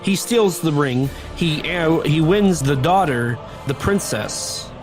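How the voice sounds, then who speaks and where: A man's voice: fairly high pitch, expressive, slow, over music. A man co-hosting a podcast, giving a rambling, jokey plot recap in casual chat. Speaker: podcast co-host.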